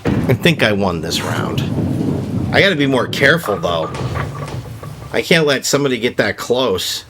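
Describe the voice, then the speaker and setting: A man's voice: mid-range voice, sing-song, normal speed, long pauses, background noise. A man giving rambling, opinionated commentary while playing a video game, joking as he goes. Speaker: gaming video host. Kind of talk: casual gameplay commentary.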